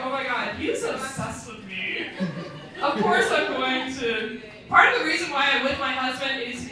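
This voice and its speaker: A woman in her thirties performing a stand-up comedy set on a club stage, delivering brash, crude, self-mocking punchlines. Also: high voice. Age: 30s. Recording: echoey club room, mic from far off. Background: audience laughter.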